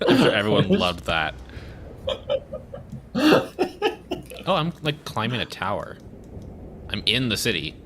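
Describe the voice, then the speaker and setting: A young man casually chatting as he plays a video game on stream, reacting loudly to surprises. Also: on the low side, slow pace, long pauses, noisy background. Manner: animated, exclaims at surprises. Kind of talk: casual let's-play chat.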